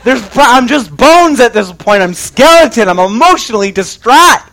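A man with a strikingly high voice tells a funny story to a crowd, leaning hard into exaggeration and comic timing. His delivery is lively and theatrical, like a speaker warming up an audience before the point lands. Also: moderate pace.

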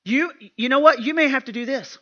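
A woman's voice: high-pitched, fairly quick, sharp tone, dull audio. A woman speaking at a women's retreat, preaching emphatically and often repeating herself in a plain, homespun way. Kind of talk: sermon.

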